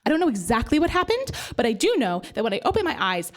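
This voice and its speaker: Animated woman storyteller. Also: a little high, fast. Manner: animated, self-deprecating, funny. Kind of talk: live comic storytelling. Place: stage before a live audience.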